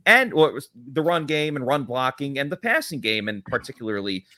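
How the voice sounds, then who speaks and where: A man co-hosts a live football chat stream, picking apart the team's line play in an analytical, excitable way. His voice is bright and swings all over in pitch, and the sound is dry and close. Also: brisk, dry recording.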